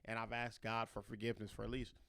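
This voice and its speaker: A man hosting a casual podcast chat, telling profane stories full of laughter and loud bursts. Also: fairly low pitch, monotone, quick pace, a little hiss or hum. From Los Angeles. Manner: profane, laughing, loud when acting out his story. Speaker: podcast host.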